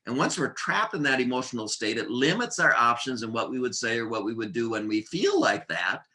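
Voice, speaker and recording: Guy running a work training session, bright forceful voice, jokey, rattles off lists. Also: medium pitch, fairly quick. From United States. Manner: lively, joking presenter with punchy lists. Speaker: workplace trainer. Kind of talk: training seminar lecture.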